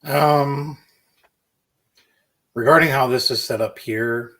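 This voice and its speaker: A man's voice: mid-range voice, fairly even intonation, takes it slowly, bright, forceful tone. A man giving blunt, opinionated takes in a casual chat as a co-host.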